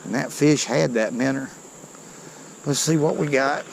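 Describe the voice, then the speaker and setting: A man, giving excited, folksy commentary to viewers while he fishes a creek outdoors. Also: mid-range voice, unhurried, vocal fry, noisy background. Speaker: fishing vlogger.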